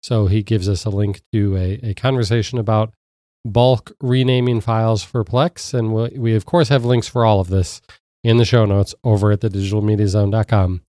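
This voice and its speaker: A man hosting and producing a tech podcast, a little nasal from a cold, chatty and quick to laugh. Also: on the low side, fairly even intonation, dark tone, dry recording, clean studio sound. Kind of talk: casual podcast chat.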